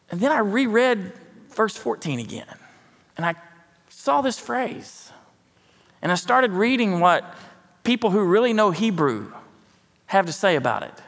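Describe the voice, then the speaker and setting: A man's voice: high voice, lively intonation, normal speed, fairly bright tone, in a large hall. A man preaching a sermon in a folksy, conversational way with joking asides. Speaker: pastor. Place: church sanctuary.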